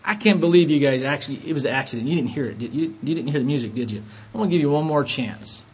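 A man preaching a sermon, retelling scripture with lively rhetorical questions to his listeners. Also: mid-range voice, rapid-fire, slightly rough, muffled recording. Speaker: pastor.

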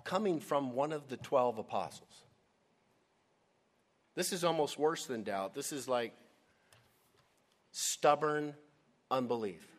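Animated, emphatic male preacher. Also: medium pitch, slow, pauses often. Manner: animated, emphatic, addresses audience as "gang". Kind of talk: sermon.

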